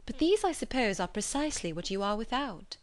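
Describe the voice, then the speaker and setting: A woman voicing a witty, frank young woman with a lively, ironic way of talking. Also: a little high, brisk. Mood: teasing.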